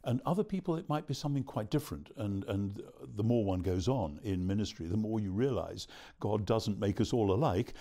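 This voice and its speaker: A man being interviewed as a theologian, answering at length in a measured, explanatory way. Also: fairly low pitch, animated, mellow. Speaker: theologian guest.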